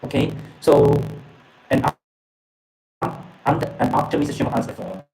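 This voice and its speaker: A man retelling a story from a book and reading a message aloud, halting and repeating words, often filling with okay and yeah. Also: darkish tone, echoey room, soft background music, low-quality recording. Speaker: presenter retelling a book's story.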